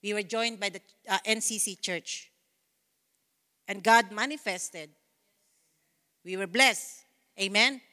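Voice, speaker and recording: A woman's voice: mid-range voice, slow pace, long pauses, pushed and bright, long reverb tail. A woman pastor preaching a fervent sermon in a church, repeating phrases and breaking into praise. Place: church sanctuary.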